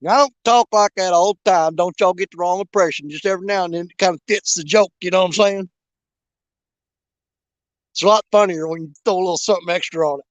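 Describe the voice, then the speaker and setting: A man's voice: sits high, quick pace, no room sound. A man hosting a fishing livestream from a riverbank outdoors, chatting casually in a folksy, joking, rambling way. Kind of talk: casual live chat while bank fishing.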